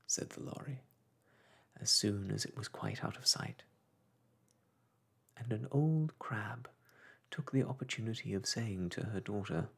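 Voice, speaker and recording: Gravelly, husky soft-spoken man. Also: on the low side. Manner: soft, gentle and unhurried. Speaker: storyteller. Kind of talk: soft-spoken storybook reading.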